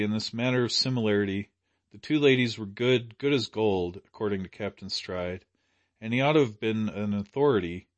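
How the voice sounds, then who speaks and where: A man narrating an audiobook in a measured, expressive storytelling manner. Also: lowish voice, dry recording. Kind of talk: scripted narration.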